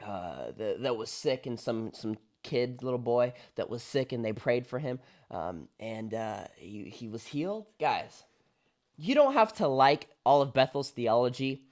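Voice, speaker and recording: A man's voice: medium pitch, lively intonation, unhurried, darkish tone. A young adult man, a pastor, giving an enthusiastic, declaring commentary as he reacts to a worship song, repeating his points for emphasis.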